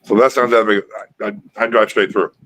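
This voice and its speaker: A man hosting a casual live stream chat, talking in a relaxed way and often repeating words as he starts his sentences. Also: fairly low pitch, a little fast, slight background noise, low-quality recording.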